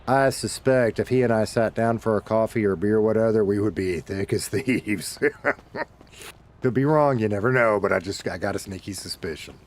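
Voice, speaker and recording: There's slight background noise as this middle-aged streamer, a Deep South native with a Southern accent, talks in a fairly low voice at a moderate pace. Chatting casually while he plays, he rambles, corrects himself, and curses occasionally.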